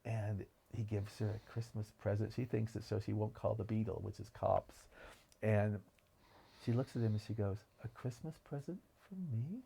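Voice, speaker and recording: Gravelly low-voiced man chatting enthusiastically. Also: flat delivery, normal speed, mellow, slight background noise. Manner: enthusiastic, digressive storytelling. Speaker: podcast co-host. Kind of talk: casual film discussion.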